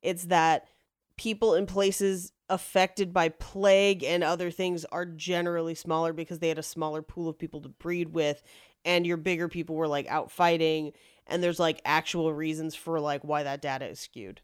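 A woman's voice: low voice, fairly even intonation, moderate pace, clean tone. A woman co-hosting a podcast, chatting casually and teasing her co-host between laughs. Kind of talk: casual chat.

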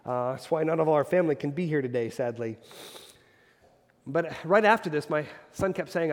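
A pastor in his thirties preaches in a church, his slightly raised voice carried by a long reverb. He talks earnestly, dropping to hushed tones and then pressing points home with emphatic force. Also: a little high, fast. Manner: earnest, swinging from soft to emphatic. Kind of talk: sermon. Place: church sanctuary.

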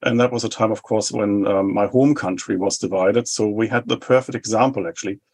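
A man in his forties with a New Zealand accent, explaining his views in a measured way in an interview. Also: on the low side, steady tone, a little mellow. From Germany. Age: 40s. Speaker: think tank head. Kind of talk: interview answers.

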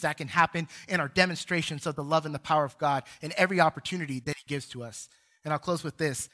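A man's voice: fairly high pitch, pushed and bright. A man preaching a sermon as pastor in a church, earnest and building to emphatic peaks as he tells a story. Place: church sanctuary.

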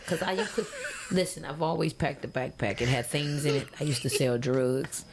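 A woman comedian guest on a casual podcast, telling animated stories and laughing through her lines. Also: medium pitch, fairly quick, vocal fry. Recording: loud background noise.

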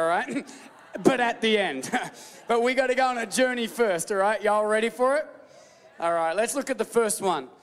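A man with a very high voice delivers an animated, playful sermon, calling out to his congregation for replies. His words ring out with the long reverb of a large hall. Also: clear, resonant tone. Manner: animated, playful preaching with call-and-response and mock voices. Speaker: pastor.

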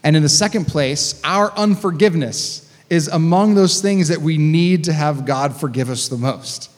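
A man's voice: on the high side, normal speed. A man preaching a sermon as a pastor, reading scripture and breaking in with casual, conversational asides. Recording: long hall reverb.

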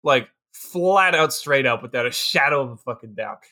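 A young man co-hosting a casual movie review podcast, talking in an animated, profane way with lots of restarts and playful quoted voices. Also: medium pitch, moderate pace. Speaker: podcast co-host.

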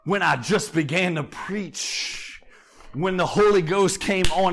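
This preacher's voice is high-pitched and creaky, and he speaks slowly. He calls out to the congregation in call-and-response, rising to fervent shouts as the sermon peaks.

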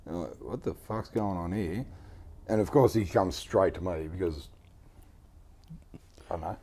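A man's voice: low voice, normal speed, warm tone, husky. A young man telling a rowdy story in casual chat, swearing often and laughing as he goes. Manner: laid-back, swears a lot, laughs through his story.

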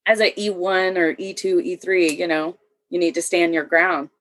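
A woman's voice: on the low side, moderate pace. A woman, an Army veteran, telling stories in casual chat, swearing freely and acting out the dialogue. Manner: profane, animated, acts out quoted dialogue.

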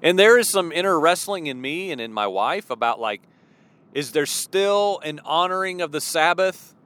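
A man's voice: fairly high pitch, lively intonation, moderate pace, a bit bright, clear, resonant tone. A man giving an earnest sermon-style teaching, full of rhetorical questions and restarts. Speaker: preacher.

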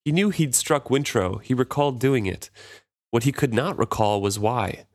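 A man co-hosting a book podcast, reading passages aloud and talking them over in a relaxed way. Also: medium pitch, moderate pace, no room sound, clean studio sound. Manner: relaxed, thinks aloud with restarts. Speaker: podcast co-host. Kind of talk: casual book discussion and read-aloud.

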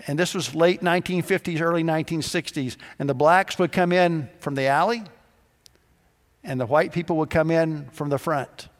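A man's voice: fairly high pitch, moderate pace. Man preaching in a reverberant church. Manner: storytelling, acts out dialogue in quoted voices. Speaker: pastor. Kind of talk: sermon.

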